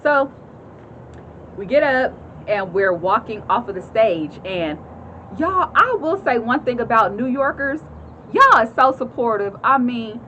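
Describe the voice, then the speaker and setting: A woman in her thirties casually telling a story to her viewers, animated and chatty, acting out voices and often laughing. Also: fairly high pitch, unhurried, dull audio, slight background noise. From California. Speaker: vlogger telling a personal story. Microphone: phone camera.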